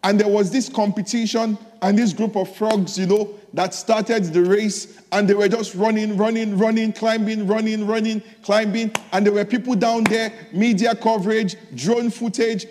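High-voiced preacher in a reverberant hall. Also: male voice, moderate pace, few pauses, a little mellow. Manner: storytelling, repetitive, exhorting. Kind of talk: sermon.

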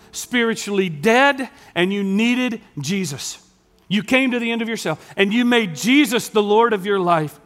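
A man preaching a sermon as pastor, dropping to hushed lines and then building up loud as he tells a story. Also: high voice.

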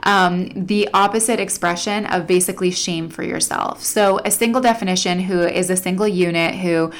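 Woman coach hosting a solo podcast: lively, casual, quick to laugh, acts out quotes. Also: fairly low pitch. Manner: animated, laughs often, acts out quoted inner voices.

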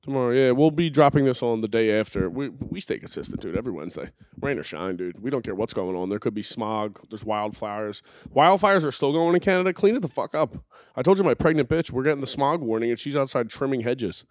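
A man's voice: mid-range voice, lively intonation, brisk, dry recording, studio quality. A young man hosting a podcast from his living room, rambling and joking crudely in casual banter. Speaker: podcast host.

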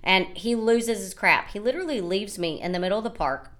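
Woman in her thirties, podcast host, animated rambling storytelling, bright clear voice. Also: medium pitch, brisk. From United States. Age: 30s. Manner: animated, rambling, quotes others in her retelling. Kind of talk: casual storytelling monologue.

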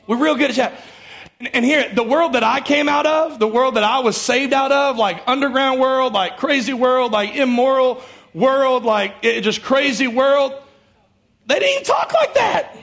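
A man preaches from the pulpit, his voice riding high and edged with a gravelly fry. He talks with emphatic force and keeps pulling the congregation in with questions and calls for an amen, as a sermon in a church. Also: normal speed, fairly bright tone. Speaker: pastor. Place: church sanctuary before a congregation.

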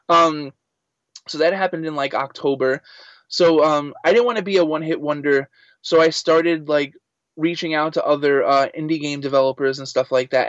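An animated man chatting as an interview guest, telling his story in a loose, casual way with many fillers. His voice sits a little high for a man. The sound is dry and slightly dull. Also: no echo. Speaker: guest, voice actor and writer. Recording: slightly muffled dry recording.

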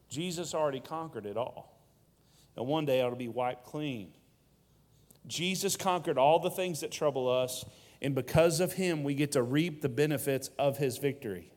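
A man's voice: on the high side, measured pace, darkish tone, long reverb tail. A male pastor preaching a sermon with rhetorical questions and playful asides.

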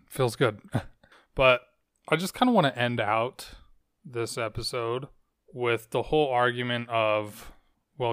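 A man's voice: medium pitch, clear, resonant tone, no echo. A young man hosting a solo podcast, talking earnestly and searchingly into a close microphone. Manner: earnest, searching, soft-spoken. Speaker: podcast host. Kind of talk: solo reflective podcast talk.

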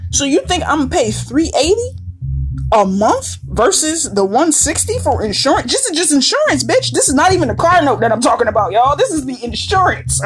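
A woman hosting a podcast, talking casually in a blunt, swearing, emphatic way. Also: high voice. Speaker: podcast host. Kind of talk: casual monologue.

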